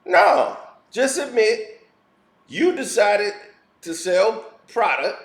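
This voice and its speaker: Speaking slowly in a sing-song way, a high-pitched man with a gravelly, somewhat bright voice delivers a heated, blunt and preachy rant as a commentary vlogger. A roomy echo surrounds his voice.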